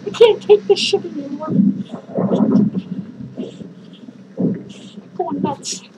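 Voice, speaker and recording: A man doing a shrill, foul-mouthed lonely clown lady. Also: moderate pace, noisy background. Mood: frantic. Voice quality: shrill falsetto. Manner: rambling, swearing, cackling between lines. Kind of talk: comedic horror-movie review skit.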